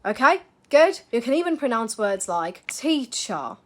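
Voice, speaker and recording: A woman teaching a pronunciation lesson, drilling single words slowly and checking in with her viewers. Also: fairly high pitch, big pitch swings, fairly bright tone. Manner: checks in with "okay, everyone?". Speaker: accent coach.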